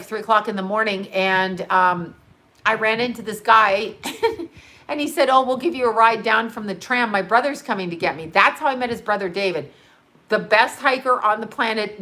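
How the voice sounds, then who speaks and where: A middle-aged woman hosting a casual livestream, telling a rambling, excitable story full of fillers. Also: medium pitch. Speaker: channel host.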